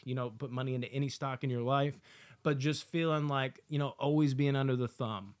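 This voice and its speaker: A man giving a casual, excited movie review, swearing often and acting out lines from the film. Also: medium pitch, clean tone. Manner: excited, profane, acts out quotes.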